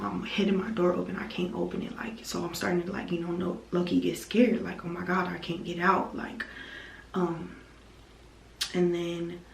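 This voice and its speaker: A woman's voice: on the low side, vocal fry, reverberant, distant mic, a little hiss or hum, poor audio. A young woman telling a storytime vlog, rambling with lots of "like" fillers. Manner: rambling, heavy use of "like" fillers. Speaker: vlogger. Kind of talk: storytime vlog, casual retelling.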